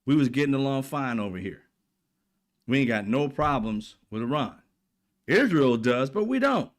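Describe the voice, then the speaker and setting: Male commentary host, mid-pitched, blunt and profane, with animated asides and quick bits acting out other people. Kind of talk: casual political commentary.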